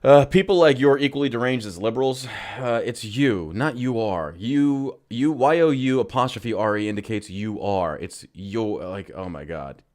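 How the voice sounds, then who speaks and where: A man hosts a live stream and reacts to what he is watching with constant swearing and loud disbelief. His voice sits in an ordinary middle pitch, and he mocks what he hears. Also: expressive, normal speed, hardly any pauses. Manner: profane, incredulous, mocking. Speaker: podcast host reacting live.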